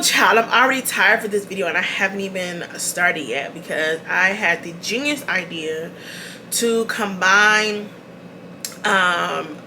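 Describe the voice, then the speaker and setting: A woman's voice: medium pitch, noisy background. A woman hosting her own channel, chatting casually to the camera, repeating her key points and laughing often. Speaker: beauty channel host.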